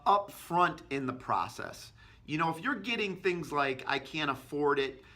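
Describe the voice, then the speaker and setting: A man's voice: fairly high pitch, sharp tone. A man giving a sales training tip, talking energetically and acting out short agent and customer exchanges. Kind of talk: instructional talk to camera.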